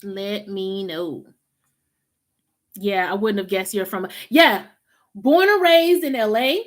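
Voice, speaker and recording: A woman's voice: medium pitch, takes it slowly. A woman from Los Angeles with a Southern country drawl, chatting casually to viewers on a spiritual live stream, slangy and informal with frequent laughs. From Los Angeles, USA.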